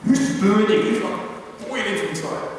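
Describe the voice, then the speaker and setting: High-voiced man in a very echoey hall. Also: expressive, a little slow, slight background noise. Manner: keeps checking in with listeners by asking if they follow; repeats words as he restarts his sentences. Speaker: youth meeting speaker. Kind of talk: conversational church youth talk. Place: church hall. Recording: very echoey hall, voice picked up from a distance.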